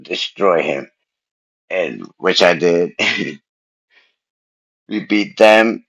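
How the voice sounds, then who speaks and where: Gravelly low-voiced man telling a story. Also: drawn-out words, highs cut off. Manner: animated, street slang, repeats himself. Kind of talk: casual personal storytelling.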